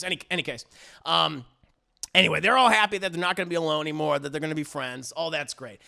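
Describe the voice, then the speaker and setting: A man's voice: a little high, fast talker, creaky, bright, forceful tone. A man reviewing an anime episode in casual recap commentary, rambling and profane, with frequent restarts.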